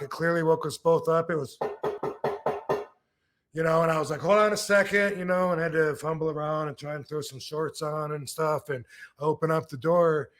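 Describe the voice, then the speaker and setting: A man's voice: a little high, a bit bright. A man in his fifties from Michigan, hosting a casual podcast chat and telling a long story, repeating words and acting out old quotes. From Michigan, USA. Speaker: podcast host, former wrestler.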